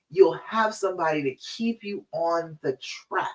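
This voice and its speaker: A woman's voice: lowish voice, a little slow, distant mic, low-quality recording. A woman relationship coach giving a live-streamed talk, emphatic and direct, repeating her key points.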